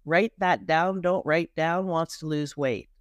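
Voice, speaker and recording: Speaking at a measured pace in a low-sitting voice, this middle-aged Canadian woman coaches on marketing during a podcast interview. She talks emphatically in her Canadian accent, with restarts and repetitions. The audio is studio quality, with no room sound.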